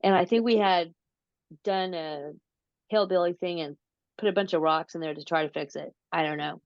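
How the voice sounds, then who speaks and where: This is a lower-pitched woman, recorded dry and close with dull, lo-fi sound. She talks slowly and casually, drawing out her story with plenty of "um"s and restarts. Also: no room sound. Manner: slow, drawn-out storytelling with many fillers. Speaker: interview guest, paranormal researcher. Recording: dull lo-fi audio.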